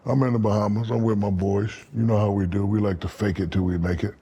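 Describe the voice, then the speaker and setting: A man in his fifties, a podcast guest, telling animated, profane stories and acting out quoted lines. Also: on the low side, quick pace, dull audio, a little hiss or hum. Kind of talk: storytelling in casual interview.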